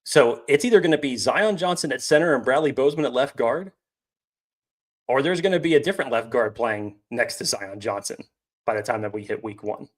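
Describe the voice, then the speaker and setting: A man co-hosting a sports podcast, breaking down the roster in a measured, analytical way. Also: medium pitch. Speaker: podcast co-host. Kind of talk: casual sports podcast chat.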